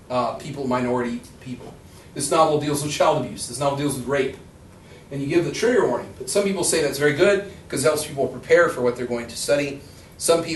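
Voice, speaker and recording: Joking male professor chatting through a lecture, roomy sound, faint hiss. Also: mid-range voice. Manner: chatty, joking, acts out quoted voices. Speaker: rhetoric professor. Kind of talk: casual classroom lecture. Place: lecture room. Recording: roomy echo, far from the mic, faint noise.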